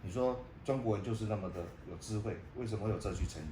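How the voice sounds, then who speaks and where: A man's voice: on the low side, rapid-fire, mellow. A man talking earnestly and moralizing in a casual interview. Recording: echoey room with faint noise.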